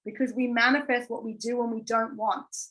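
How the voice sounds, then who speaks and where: A woman's voice: on the high side, steady tone, fairly quick, a bit bright, low-quality recording. A woman in her thirties, a wellbeing coach giving a conversational masterclass, earnest and candid, full of "like" and restarts. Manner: chatty, filler-heavy with frequent "like" and restarts.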